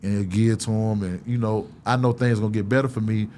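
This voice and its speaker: Animated man telling stories. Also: fast, a little hiss or hum. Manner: animated, laughing, acts out quotes in higher voice. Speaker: interview guest. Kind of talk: candid conversational storytelling.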